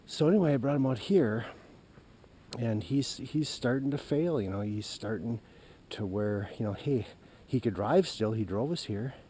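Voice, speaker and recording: A man's voice: medium pitch, lively intonation, warm tone, slight background noise, low-quality recording. Folksy man rambling on a forest trail. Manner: halting, folksy, with many fillers and restarts. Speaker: hunter telling a story on camera. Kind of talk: rambling walk-and-talk vlog. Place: outdoors on a forest trail at dusk. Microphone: handheld camera while walking.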